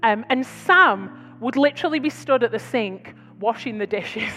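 A British woman preaching to her church, telling stories in a chatty, conversational way with quick asides. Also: a little high, animated, a bit bright, long reverb tail, soft background music. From Britain. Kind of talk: sermon. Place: large church hall.

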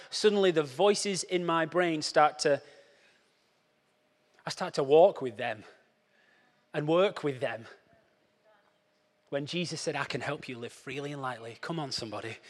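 A young man preaching a lively, joking sermon, acting out scenes and putting on quoted voices. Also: fairly high pitch. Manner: playful, animated, acts out scenes with quoted voices. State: out of breath after a race. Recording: long hall reverb.

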